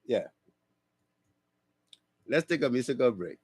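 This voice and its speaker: A man's voice: medium pitch, animated, takes it slowly, a little mellow, husky, no echo, studio quality. A man hosting a radio talk show, delivering a mocking political monologue and repeating his questions.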